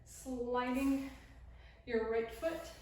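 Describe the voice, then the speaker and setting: This young woman speaks extremely slowly in a high, slightly mellow voice while walking beginners through a casual dance routine. She counts, sings snippets of the lyrics, and gets winded now and then as she shows the moves. The room echoes heavily, she's far from the mic, and there's slight background noise.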